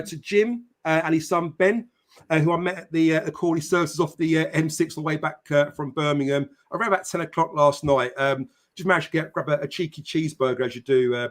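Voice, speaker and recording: Chatty man hosting a live stream. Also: on the high side. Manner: chatty, many fillers, greets viewers by name. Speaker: podcast host. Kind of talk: casual live-stream chat.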